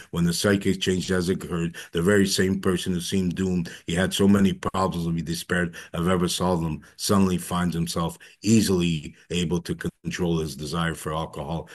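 A man sharing his personal recovery story at a meeting, talking with many fillers and restarts and acting out remembered conversations. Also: low-pitched. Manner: acts out dialogue in quotes. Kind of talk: personal testimony talk.

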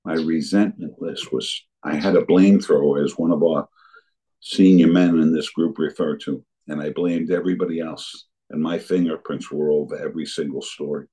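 A man's voice: very deep voice, fairly even intonation, normal speed, warm tone, husky, poor audio. An older man telling his recovery story as a personal testimony, earnestly acting out remembered conversations. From New Jersey area.

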